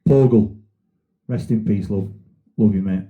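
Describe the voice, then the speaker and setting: A man's voice: lowish voice, normal speed, phone-quality sound. A man with a Sheffield accent hosting a casual podcast, telling rambling, sweary stories. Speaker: podcast host. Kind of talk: casual banter.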